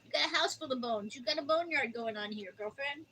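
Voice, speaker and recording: An older woman hosts a casual livestream, rambling happily from one story to the next and talking sweetly to her dog. Her voice sits a little high and sounds bright and forceful. A faint hiss of background noise runs under the recording. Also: brisk, rough recording. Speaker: livestream host.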